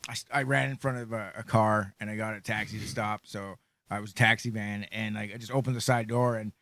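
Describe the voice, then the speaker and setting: A man's voice: on the low side, fairly even intonation, brisk, a bit bright, slight background noise. A man co-hosting a casual podcast, telling his part of the story bluntly with crude jokes. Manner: blunt, joking, profane. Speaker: podcast co-host. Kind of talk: casual chat.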